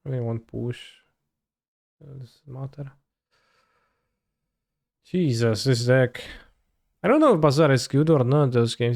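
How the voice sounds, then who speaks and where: Male streamer, casual muttered play commentary, smooth voice, dead-dry sound. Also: medium pitch, measured pace, pauses often, no room sound. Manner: muttering to himself, loose and offhand, trailing off. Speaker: streamer playing a card game.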